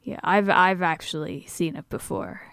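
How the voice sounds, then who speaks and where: A woman's voice: on the low side, moderate pace, a bit bright, clear, resonant tone, no room sound. A woman playing in a tabletop game, wry and casual. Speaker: player.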